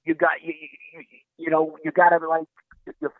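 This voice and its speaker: A man telling an exasperated, animated story in casual chat, swearing and acting out what people said, heard over a phone line. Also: fairly high pitch, normal speed, vocal fry, no room sound.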